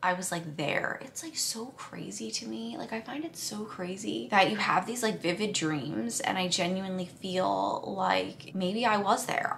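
A woman's voice: medium pitch, moderate pace, gravelly, few pauses, a bit bright, a little hiss or hum. A young woman chatting casually to the camera in a vlog at home, talking loosely with lots of "like" and sometimes dropping to a whisper. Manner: chatty, says "like" often, drops to a whisper at times. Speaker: vlogger.

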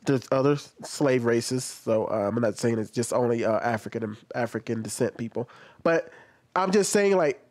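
A man's voice: medium pitch, moderate pace, a little mellow. A man giving casual commentary on social media posts, rambling and correcting himself as he goes. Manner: rambling, self-correcting, reads posts aloud.

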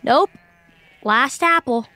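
A woman's voice: high-pitched, expressive, takes it slowly, noisy background. A woman voicing Max, a cheeky, impatient kid adventurer in a children's audio drama. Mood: playful. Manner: wisecracking, impatient.

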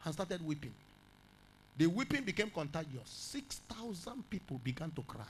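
A male pastor preaching a dramatic sermon, swinging from shouted peaks down to quiet storytelling. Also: a little high, a little hiss or hum, poor audio.

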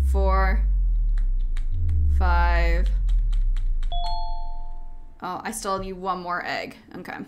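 A woman's voice: medium pitch, background noise. A woman playing a horror video game, chatting to the game as she goes and crying out in panic when it frightens her. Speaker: gaming video host.

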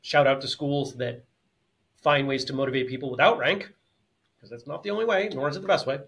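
A man's voice: mid-range voice, a little fast, a bit bright. A man co-hosting a martial arts podcast, talking things through in long, thoughtful sentences with frequent restarts. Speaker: podcast co-host. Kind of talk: casual podcast conversation.

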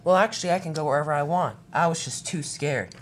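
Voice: mid-range voice, fast, natural voice. A narrator voicing a timid, magical female steam engine in a homemade toy-train story, with faint noise behind. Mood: worried. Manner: worried, apologetic.

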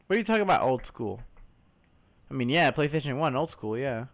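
A man streaming a story game, reacting excitably, exclaiming, swearing and calling the viewer "bro" all the time. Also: medium pitch, a little fast. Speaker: gaming streamer. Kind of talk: let's play commentary.

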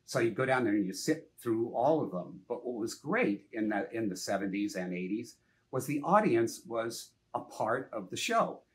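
An older man tells behind-the-scenes stories in a loose, conversational interview. He is animated and meandering, peppering his speech with "you know" and the occasional swear word, in an ordinary mid-pitched voice. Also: moderate pace. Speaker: film director, interview guest. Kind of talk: casual interview storytelling.

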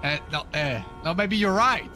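A man's voice: high-pitched, lively intonation, normal speed, bright, forceful tone, faint music behind. A man role-playing a police officer in a game, hesitant and full of fillers as he asks questions. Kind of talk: in-character game role-play.

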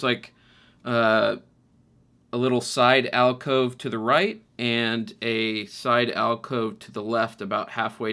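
A man's voice: medium pitch, a bit bright, smooth. A man running a tabletop game as game master, describing scenes hesitantly with many fillers and restarts.

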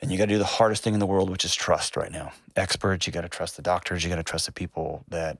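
A man's voice: sits low, flat delivery, quick pace, few pauses, no room sound. Male call-in host, emphatic and earnest, repeats lines for weight, dry close sound. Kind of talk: call-in advice talk.

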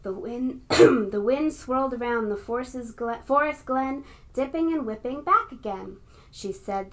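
A librarian reading a picture book aloud to young children and leading them in a game. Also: female voice, a little high, unhurried. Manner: warm, encouraging, talks to young kids.

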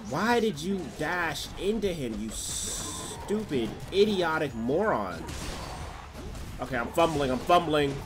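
A young man streaming a game live, talking casually in a profane, excitable, trash-talking way. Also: on the high side, takes it slowly, over music. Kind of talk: casual live gameplay commentary.

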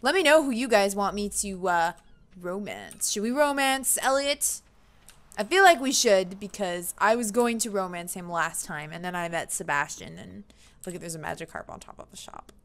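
A woman's voice: mid-range voice, moderate pace. A young woman hosting a casual gaming channel, commentating her play with frequent squeals and giggles. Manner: excitable, squeals and giggles often.

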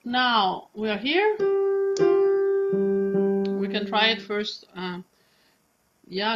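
A woman's voice: mid-range voice, highs cut off, music in the background. A woman coaching a singing student, demonstrating phrases with long, stretched vowels. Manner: demonstrates lines slowly, drawn-out Italian vowels. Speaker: vocal coach. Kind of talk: singing lesson.

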